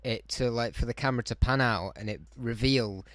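A man's voice: mid-range voice, brisk, a bit bright, dry recording. A man co-hosting a casual podcast chat, jokey and playful. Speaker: podcast co-host.

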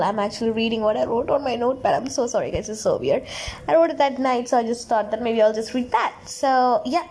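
A woman's voice: on the high side, expressive, fairly quick, a little mellow, a little hiss or hum. A young woman vlogger telling a personal story to her viewers in a candid, rambling, emotional way. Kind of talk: casual storytime vlog.

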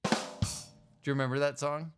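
A man's voice: a little high, moderate pace, loud music behind the voice. A man in his fifties hosting a podcast, chatting casually and joking around. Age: 50s. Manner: joking, animated, puts on silly voices. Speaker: podcast host. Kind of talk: casual comedic chat.

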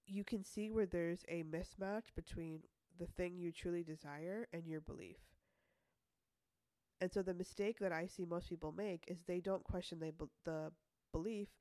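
A woman's voice: lowish voice, fairly even intonation, normal speed, dark tone, no room sound, clean studio sound. A woman hosting a casual self-help podcast, talking in a chatty way, laughing often and acting out little quoted voices. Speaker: podcast host.

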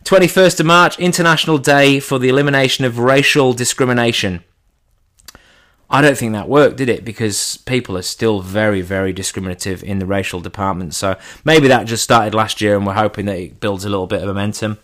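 A man giving a comedic monologue in an irreverent, deadpan way, his pitch jumping up for punchlines. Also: a little fast.

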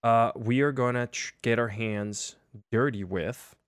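A young man hosts a casual livestream, chatty and self-deprecating with many fillers. His medium-pitched voice is unhurried and clean, recorded at studio quality with no echo.

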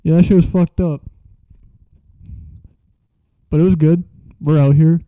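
A man's voice: a little high, fairly even intonation, unhurried, no room sound. A young man casually telling a story from school, slangy and profane, laughing as he goes. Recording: dull lo-fi sound.

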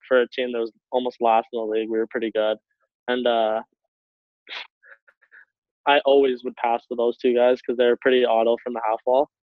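A young man, a hockey player, telling a story in a rambling casual way, full of likes and quick laughs. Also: medium pitch, no echo. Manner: rambling, many likes, laughs between phrases. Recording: tinny phone-like line, dry.

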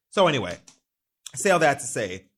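A man hosting his own podcast, telling a story in a casual, campy, animated way with frequent swearing. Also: mid-range voice. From New York. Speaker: podcast host. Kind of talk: casual solo podcast chat. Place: studio.

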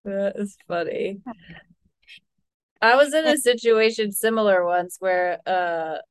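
Smooth-voiced woman, easygoing. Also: mid-range voice, takes it slowly. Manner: easygoing, laughs readily. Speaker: podcast co-host. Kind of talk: casual chat.

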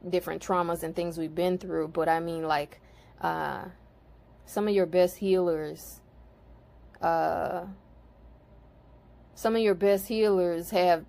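A woman's voice: lowish voice, a little mellow. A woman spiritual card reader and healer talking casually to her viewers, blunt and profane, growing heated and preachy.

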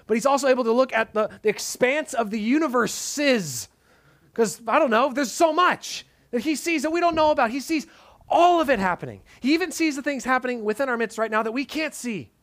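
A man preaching a sermon in an earnest tone, dropping to soft emphatic lines and casual asides. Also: extremely high pitch, lively intonation, a little fast.

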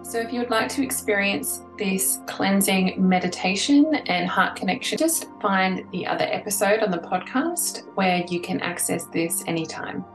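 A woman hosting a live online workshop, gushing and encouraging in a soft voice. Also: mid-range voice, lively intonation, normal speed, hardly any pauses, over music. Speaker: host. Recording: echoey room, distant from mic.

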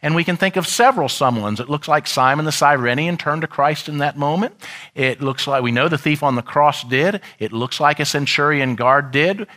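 A man pastor preaching a sermon in a church, shifting dramatically and shouting out the crowd's lines. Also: fairly high pitch, normal speed.

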